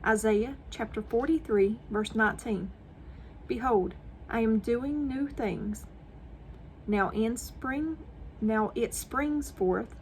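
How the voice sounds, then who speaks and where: Slow, earnest woman reading scripture. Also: on the high side, slight background noise. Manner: deliberate, earnest reading with stressed phrases. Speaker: devotional channel host. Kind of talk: reading scripture for a morning devotional.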